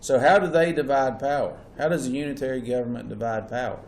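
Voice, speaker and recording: A man's voice: medium pitch, quick pace. Male teacher, patient lecture that keeps checking on the class, echoey classroom with a faint hum. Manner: checks in with students often.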